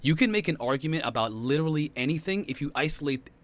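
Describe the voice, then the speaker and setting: Fast, insistent man debating. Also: on the high side, lively intonation. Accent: British. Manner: fast, insistent, repeats himself. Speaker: podcast host. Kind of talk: heated debate.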